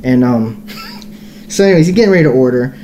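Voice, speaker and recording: A man's voice: medium pitch, animated, brisk, mellow, slight background noise. A young man co-hosting a podcast, telling a long story in a casual, profane, rambling way full of fillers. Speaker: podcast co-host.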